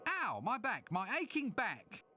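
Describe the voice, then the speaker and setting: A whiny sarcastic game wizard, super bouncy pitch, bright sound. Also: male voice, wildly swooping pitch, measured pace, a little hiss or hum, exaggerated voice. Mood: pained. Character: Rincewind, hapless cowardly wizard, sarcastic man. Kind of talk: 1990s video game voice acting.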